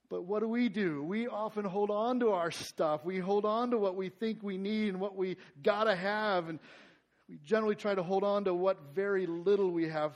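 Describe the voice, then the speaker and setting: A man preaching a sermon as pastor. He gets louder and higher when stressing a point, then drops to a soft, quiet tone in prayer.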